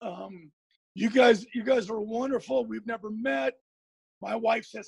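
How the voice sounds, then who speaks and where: Gravelly high-voiced earnest coach. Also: male voice, fairly even intonation, a little slow, darkish tone, no echo. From Oregon. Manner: rambling, repeats words, earnest. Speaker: high school football coach. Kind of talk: guest storytelling on a podcast.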